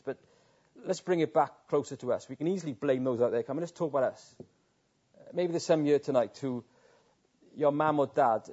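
A man's voice: mid-range voice, a little mellow, husky. A man preaching an evening sermon, earnest and rhetorical, often restarting his words. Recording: dull lo-fi recording.

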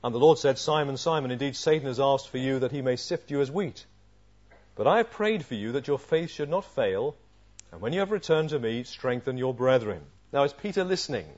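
A preacher with a fairly high male voice works through a passage, firing off rhetorical questions. He climbs to loud emphasis and then drops to a near hush. The recording sounds dull and lo-fi. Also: animated, normal speed. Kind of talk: expository sermon.

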